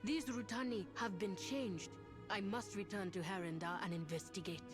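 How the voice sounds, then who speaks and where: A woman voicing a solemn female plant-folk explorer in a video game, speaking in a measured, formal way. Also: medium pitch, natural voice. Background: game music.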